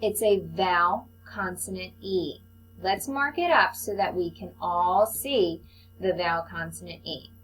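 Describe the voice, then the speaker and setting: Brief: woman, teacher voice, unhurried and encouraging, faint hum behind. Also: lowish voice, fairly bright tone, rough recording. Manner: slow, patient, encouraging teacher talk to young children. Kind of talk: recorded online phonics lesson.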